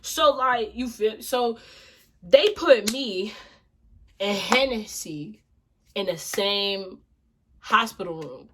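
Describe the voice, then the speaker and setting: A woman vlogger telling a casual storytime tale in an animated, slangy, expressive way. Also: medium pitch, takes it slowly, long pauses, a little hiss or hum.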